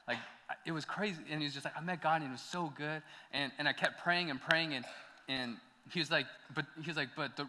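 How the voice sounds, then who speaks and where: A man's voice: mid-range voice, sharp tone. A young adult man preaching, telling a personal story in a casual, chatty way, with many "like"s and bursts of laughter. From United States. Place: church hall. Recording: long hall reverb.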